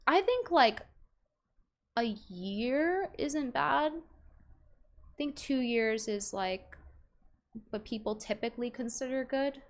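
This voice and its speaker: Young woman streaming, reads chat msgs and reacts blunt, kinda high voice. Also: lively intonation, slow, long pauses. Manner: chatty, reading viewer messages aloud and reacting bluntly. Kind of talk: casual stream commentary.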